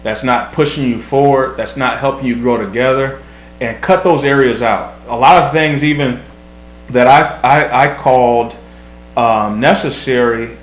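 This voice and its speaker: A man's voice: mid-range voice, unhurried. Earnest man in an echoey room. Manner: earnest, repeats words while thinking. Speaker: vlog host, husband. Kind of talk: casual advice talk. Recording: echoey room, faint hum.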